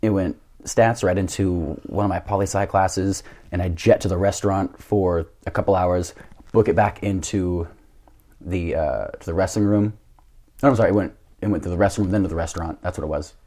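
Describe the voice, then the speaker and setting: Young man, deep voice, podcast guest; lively self-mocking storyteller who swears freely. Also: a little fast. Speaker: podcast guest, jiu-jitsu coach. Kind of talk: casual storytelling.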